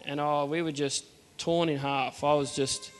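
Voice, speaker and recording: A man's voice: on the high side, flat delivery, unhurried, clear, resonant tone, in a large hall, soft background music. A man with an Australian accent earnestly telling a personal faith story, acting out the dialogue. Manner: earnest, plain-spoken, acts out the dialogue.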